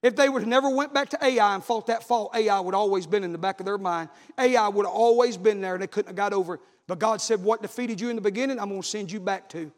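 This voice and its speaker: A man preaching a sermon in a church, with repeated phrases and a rhythmic preaching cadence that builds to shouted lines. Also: high voice, fast, hardly any pauses, long reverb tail. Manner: builds from conversational to shouted, half-sung climaxes. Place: church sanctuary.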